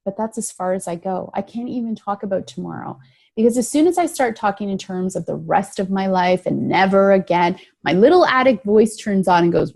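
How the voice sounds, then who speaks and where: A woman's voice: mid-range voice, brisk, creaky, a little mellow, dry recording. A middle-aged woman telling her recovery story in an interview, earnest and emphatic, often repeating key phrases. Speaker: guest sharing recovery story. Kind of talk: interview answers, reflective.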